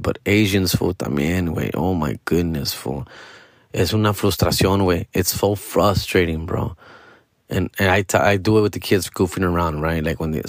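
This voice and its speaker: Recorded in a clean studio with no echo, this middle-aged man has a low-sitting voice. He's a comedian and podcaster who rants casually and profanely, dropping bits of Spanish slang along the way.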